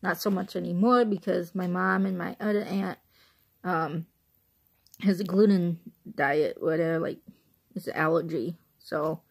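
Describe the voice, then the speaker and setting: A young vlogger from the Chicago suburbs of Illinois talks a little slowly in a low, creaky, husky voice with fairly even intonation. She rambles through a casual movie review on her phone, laughing often.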